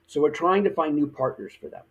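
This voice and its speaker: A man's voice: on the high side, a little fast, slightly rough, poor audio. A man, an actor guest on a podcast, telling a story in a casual way and acting out the quoted lines. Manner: animated, acts out quoted dialogue.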